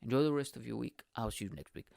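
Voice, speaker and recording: A man's voice: mid-range voice, fast talker, creaky, dry recording, studio quality. A man from Bulgaria hosting his own show, telling a story in a casual monologue, swearing a lot and acting out the other people's lines. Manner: animated, swears a lot, acts out quoted voices. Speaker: podcast host.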